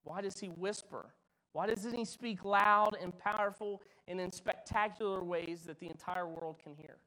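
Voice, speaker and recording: Pastor, male, sermon delivery: slightly high voice, drops to near-whispers for effect. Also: normal speed, rough recording. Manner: dramatic swings from loud to hushed.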